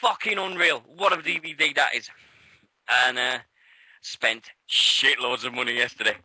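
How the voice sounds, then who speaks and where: Bright-voiced British man telling stories. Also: mid-range voice, moderate pace, no echo, rough recording. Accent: British English. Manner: excitable, laughing storyteller who swears freely. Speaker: radio show co-host. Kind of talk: casual chat.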